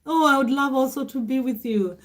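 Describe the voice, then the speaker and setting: A middle-aged woman with a Kenyan accent hosts a casual livestream, reading viewer comments aloud and greeting people by name. Her voice sits high and moves along fairly quickly.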